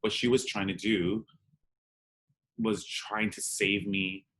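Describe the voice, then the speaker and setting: A man with a fairly low voice recounts a personal story in an interview. He speaks candidly and with feeling, acting out the dialogue as he goes. His speech is full of "like" and quick asides. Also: steady tone, fairly bright tone. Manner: candid and emotional, acts out dialogue, peppered with "like". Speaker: drag performer and interview guest.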